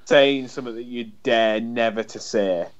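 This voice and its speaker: Bloke rambling on a podcast, swears a lot, kinda dull lo-fi sound. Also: male voice, mid-range voice, moderate pace. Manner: rambling, sweary, full of restarts and fillers. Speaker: podcast co-host. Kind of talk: casual chat.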